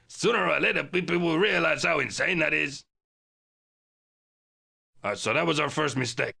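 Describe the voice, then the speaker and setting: A man's voice: sits high, vocal fry, sharp tone, heavily acted. A man voicing a scheming male spirit who rambles in a conspiratorial, absurd way.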